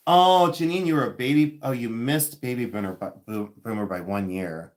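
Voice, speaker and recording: A man's voice: medium pitch, normal speed. Chatty man in his fifties from Ohio. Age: 50s. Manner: chatty and rambling, laughs often. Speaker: livestream host selling vintage jewelry. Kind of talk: casual live chat with viewers.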